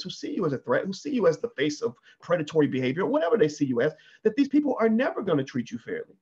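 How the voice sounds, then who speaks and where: A man's voice: on the high side, a little mellow, breathy edge, dull audio. A man giving an emphatic opinion monologue, often asking 'right?' and restarting his sentences. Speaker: commentator.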